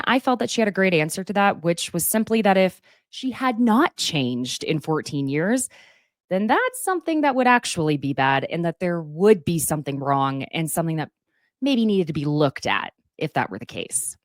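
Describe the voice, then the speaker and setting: A woman in a casual, opinionated recap, talking in a chatty way with quick asides. Her voice sits a bit low but rises and falls a lot. The sound is dry, with no room echo. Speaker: recap host.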